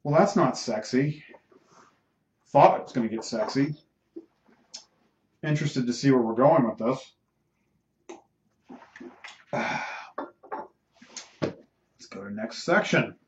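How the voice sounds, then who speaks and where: A man's voice: mid-range voice, expressive, takes it slowly, pauses often, a little hiss or hum. Male amateur reader with casual asides, echoey room, muffled sound. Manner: stumbles and repeats words. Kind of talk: reading a novel aloud with casual asides.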